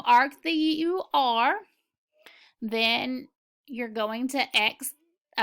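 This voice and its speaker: A woman's voice: high voice, gravelly, sharp tone. A woman teaching a phonics lesson, patiently sounding out letters and reading words aloud for learners to repeat. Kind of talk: slow, clear classroom instruction.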